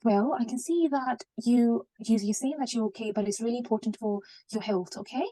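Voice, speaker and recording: Speaking fairly quickly in a slightly high voice with a dark tone, a student acts as a junior doctor in a mock clinical consultation. She stays courteous and comforting, though her speech is full of fillers.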